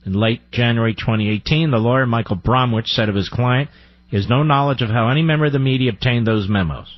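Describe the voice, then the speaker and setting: A man hosts a talk radio show, delivering combative commentary laced with sarcasm and pointed rhetorical questions. His voice is husky and sits in a medium register. It comes over a dry, slightly muffled studio recording. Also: mid-range voice, fast talker, dry recording. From United States.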